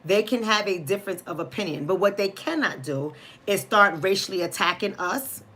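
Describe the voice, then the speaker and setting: A woman's voice: medium pitch, expressive, moderate pace, a bit bright. Blunt New York woman streaming live. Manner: blunt, outspoken, talks straight to chat. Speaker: livestream host.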